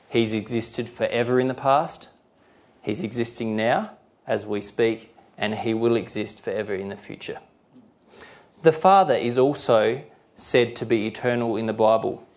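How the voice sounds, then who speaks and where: Measured middle-aged male preacher. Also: mid-range voice, a little mellow. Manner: slow, careful reading of scripture verses; explanatory, with fillers and restarts. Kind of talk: sermon.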